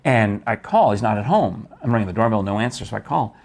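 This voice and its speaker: A man's voice: lowish voice, expressive, fast, creaky, darkish tone. A man hosting a casual talk show, telling stories in a chatty, enthusiastic way with many restarts. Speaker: host. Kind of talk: casual chat.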